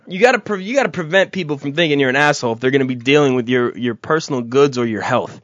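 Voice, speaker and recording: A man's voice: medium pitch, animated, fast talker, fairly bright tone, no room sound, dull audio. A man co-hosting a casual chat, arguing heatedly and cursing freely. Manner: profane, heated, mocking. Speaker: podcast co-host.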